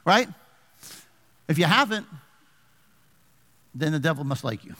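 A male pastor preaches an animated sermon in a reverberant church sanctuary, his voice a little high and his pace measured. He poses call-and-response questions to the congregation.

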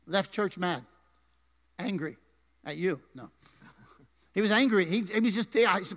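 High-voiced joking pastor in a hall. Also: male voice, lively intonation, moderate pace, long pauses, fairly bright tone. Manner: playful, joking banter with the congregation. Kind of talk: sermon. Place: church sanctuary. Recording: live church hall reverb.

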